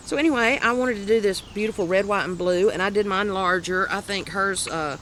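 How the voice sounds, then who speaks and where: A woman's voice: medium pitch, fairly bright tone, a little hiss or hum. Chatty Southern woman crochet host. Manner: chatty, rambling, quick to laugh at herself. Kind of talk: casual show-and-tell chat.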